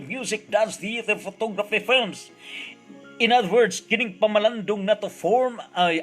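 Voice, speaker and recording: High-voiced preacher reciting long lists. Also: male voice, a bit bright, breathy edge. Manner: mixes languages mid-sentence, lists in long repeated chains. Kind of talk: sermon.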